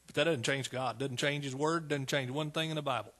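A man's voice: mid-range voice, steady tone, fairly quick, fairly bright tone. A man preaching a fervent sermon, calling out to his congregation.

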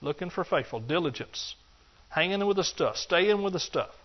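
A man preaching a sermon, animated and joking, acting out excuses in a higher voice. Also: normal speed. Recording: dull lo-fi sound.

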